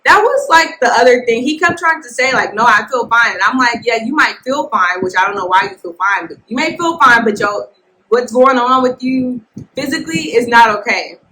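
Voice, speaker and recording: Woman podcast host, casual storytelling, blunt and animated, bright forceful voice. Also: on the high side, a little fast, low-quality recording. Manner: animated, blunt, talks to listeners as y'all. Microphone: podcast mic, filmed for video.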